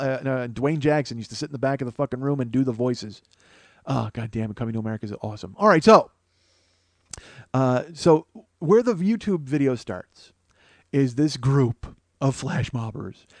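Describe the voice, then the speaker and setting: A man hosting a podcast, telling a comic story as a profane rant that swings between mumbled asides and loud outbursts. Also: mid-range voice, moderate pace, dry recording. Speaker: podcast host. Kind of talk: comedic storytelling monologue.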